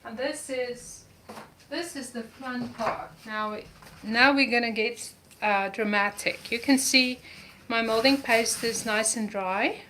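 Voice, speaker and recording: A woman's voice: a little high, takes it slowly, pushed and bright, slight background noise. A woman teaching a live art journaling lesson, talking through each step as she paints and gushing over colors. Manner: enthusiastic about colors, repeats words.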